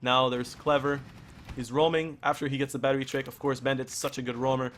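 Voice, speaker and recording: A man casting a live esports match, hoarse from losing his voice and talking in halting bursts full of restarts and fillers. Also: medium pitch, little pitch movement, fairly bright tone, a little hiss or hum. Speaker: esports caster. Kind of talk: live play-by-play commentary.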